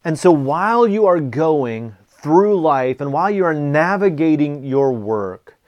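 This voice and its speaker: A man's voice: a little high, lively intonation, measured pace, dull audio. Middle-aged man, motivational talk, earnest, repeats key phrases, personal stories. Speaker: speaker teaching a planning method.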